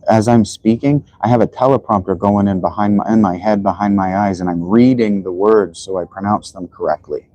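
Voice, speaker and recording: Livestream host, male, low voice, dry close sound, rambles and restarts as he lectures. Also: fairly quick, hardly any pauses, darkish tone, dry recording, low-quality recording. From United States. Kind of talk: casual livestream monologue.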